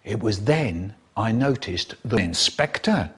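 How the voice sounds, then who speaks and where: A man performing comic stories and rhymes with an animated, exaggerated delivery and expressive swoops. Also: lowish voice, slow pace, slightly rough. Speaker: storyteller. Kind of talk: comic storytelling and rhyming performance.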